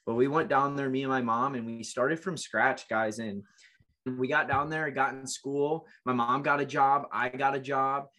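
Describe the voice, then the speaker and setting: A man's voice: medium pitch, steady tone, moderate pace, bright, forceful tone. A man in his late twenties, a guest in an interview, telling his life story in an earnest, emotional way with frequent restarts. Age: late 20s.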